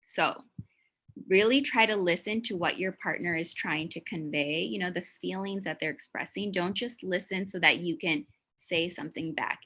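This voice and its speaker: Bright, emphatic woman giving a talk. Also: medium pitch. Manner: earnest and emphatic, with frequent "you know" and "like". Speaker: presenter of a mental health talk. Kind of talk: conversational educational presentation.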